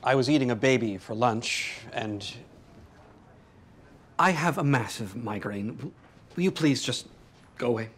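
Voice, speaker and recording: A man's voice: mid-range voice, expressive, measured pace, pauses often, fairly bright tone, a little hiss or hum. An actor playing an exasperated doctor who says he has a headache and talks blunt and tired. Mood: weary. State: headache, strained. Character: weary male doctor and friend, exasperated.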